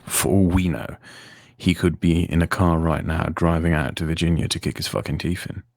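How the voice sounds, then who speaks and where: A man on a podcast, making his case in measured, repetitive phrases during casual commentary. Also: low voice, creaky, a little mellow, no room sound. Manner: measured, argues with repeated phrases. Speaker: podcast co-host.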